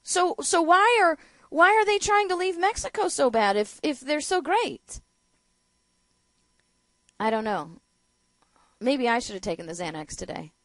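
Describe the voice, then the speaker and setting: A woman's voice: sits high, big pitch swings, unhurried, pauses often, no echo. A woman hosting a political talk show, giving opinionated commentary with sarcasm, rhetorical questions and emphatic outbursts. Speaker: radio talk show host.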